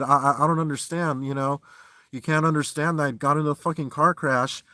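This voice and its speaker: A man's voice: steady tone, a little fast, no room sound. Profane man ranting from his van. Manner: heated and profane, swings from shouting to low muttering. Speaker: live streamer. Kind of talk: angry live-stream rant. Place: inside a parked van.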